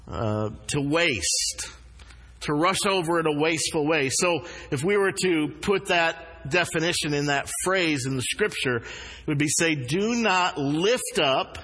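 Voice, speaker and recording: Male pastor, sermon delivery, fairly high voice for a man, earnest, leans on key words; long reverb from the church hall. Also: a bit bright, breathy edge. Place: church sanctuary.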